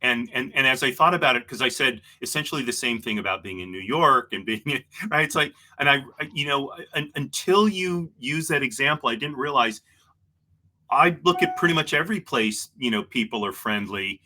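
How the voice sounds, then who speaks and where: A man's voice: mid-range voice, expressive, fairly quick, sharp tone. A man hosting an interview show, talking in a rambling, hesitant way and restarting often. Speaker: show host. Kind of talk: casual interview chat.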